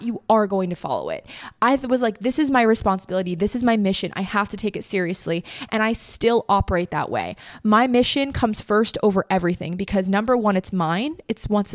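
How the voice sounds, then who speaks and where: A woman podcast host speaks in a casual, heartfelt monologue, candid and emotional, with the odd swear. Her voice sits at an ordinary middle pitch and sounds close and dry, with almost no room around it. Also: dry recording.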